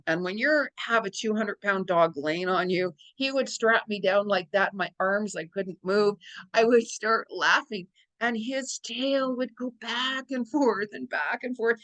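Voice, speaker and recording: A woman's voice: medium pitch, fairly bright tone, rough recording. Rambling, chatty woman psychic. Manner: rambling and chatty, laughs often. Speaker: psychic medium. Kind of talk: casual astrology vlog monologue.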